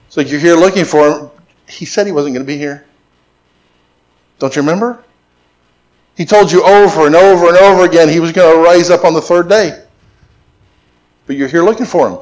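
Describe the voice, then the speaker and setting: A man's voice: fairly high pitch, brisk, pauses often, a little mellow. A middle-aged man preaching a sermon as pastor, mixing emphatic repetition with joking stories.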